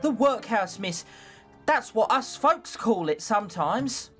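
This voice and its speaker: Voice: mid-range voice, expressive, slow pace, a bit bright, husky, soft background music, pitched above the performer's own voice, exaggerated voice. A player reading a visual novel aloud, voicing a poor, plain-spoken young maid with a put-on Northern English accent. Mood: homely. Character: cheerful poor scullery maid girl.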